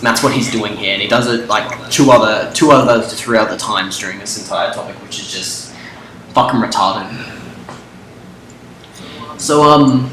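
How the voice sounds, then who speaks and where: A man's voice: lowish voice, normal speed, long pauses, sharp tone. A young man in casual debate chat, arguing his points firmly and swearing freely, often cutting in on his friend. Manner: argumentative, profane, interrupts often. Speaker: co-host debating game lore. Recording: roomy echo with clear background noise.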